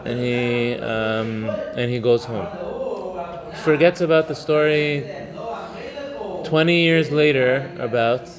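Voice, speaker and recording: Male teacher for a casual religious class, mid-pitched, storytelling, with listeners audible in the room. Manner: conversational, mixes Hebrew terms, halting fillers. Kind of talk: informal religious lesson with storytelling.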